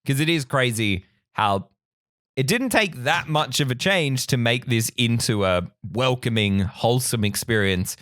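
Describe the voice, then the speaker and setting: Animated Australian man co-hosting. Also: mid-range voice, dry recording, clean studio sound. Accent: soft Australian. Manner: animated, laughs often, quick tangents. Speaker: podcast co-host. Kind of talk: casual chat.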